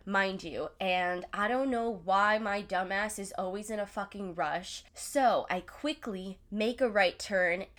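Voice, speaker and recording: A woman in her twenties telling stories to her viewers, chatty and profane, with "like" in nearly every sentence. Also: mid-range voice. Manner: chatty, swears a lot, filler "like" everywhere. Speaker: vlogger. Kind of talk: casual storytelling.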